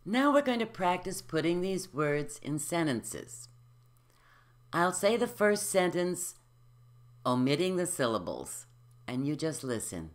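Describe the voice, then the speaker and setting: A speech teacher explaining dropped syllables and modeling words and sentences slowly for the listener to repeat. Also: medium pitch, big pitch swings. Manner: slow, careful, explanatory, models each word. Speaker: elocution teacher. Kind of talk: slow instructional speech drill.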